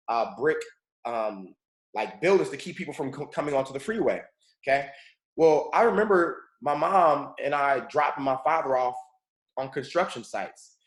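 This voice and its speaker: A man from California leading a morning mentorship call, telling a personal story in an earnest, motivational way and often calling his listeners folks. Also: medium pitch. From Pomona, California. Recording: roomy echo.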